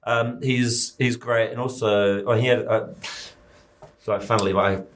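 A man's voice: on the low side, steady tone, measured pace, fairly bright tone. A man with a New Zealand accent, a film director guest in a casual interview, talking in a loose, rambling way full of fillers.

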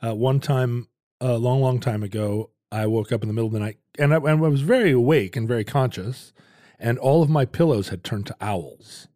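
A man's voice: mid-range voice, a little fast, mellow. A man co-hosting a casual comedic chat, a rambling storyteller who laughs often. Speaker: podcast co-host.

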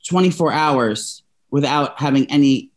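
A young man co-hosting a casual talk show, telling a personal story at length. He rambles and restarts often, and he sounds openly emotional. His voice sits at an ordinary middle pitch. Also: unhurried. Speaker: podcast co-host telling a story. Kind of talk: casual chat.

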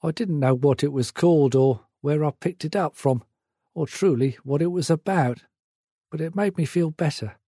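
A man narrating a memoir in a measured, reflective way. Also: on the high side, warm tone, husky, dry recording, clean studio sound.

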